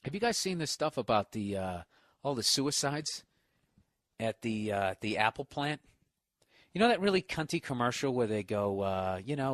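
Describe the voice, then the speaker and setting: A man's voice: medium pitch, big pitch swings, moderate pace, no room sound, studio quality. A man hosting a podcast, delivering a profane, mocking, rambling comedic rant. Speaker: podcast host.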